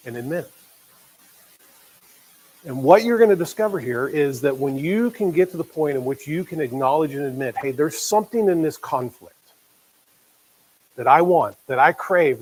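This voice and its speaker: Male pastor, fairly high voice, chatty sermon delivery with dramatized quotes and hushed emphasis. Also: low-quality recording. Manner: conversational preaching, acts out quoted voices, drops to quiet emphasis.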